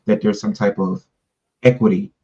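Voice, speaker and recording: A man's voice: lowish voice, steady tone, normal speed, warm tone, lo-fi sound. A man in casual podcast conversation, talking earnestly in long, run-on explanations. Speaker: podcast co-host.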